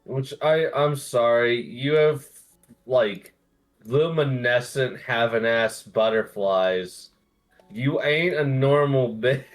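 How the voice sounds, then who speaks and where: Playing a character at the gaming table, a young man chats slowly in a mid-range voice, with faint music audible behind him. He swears casually and keeps mocking himself.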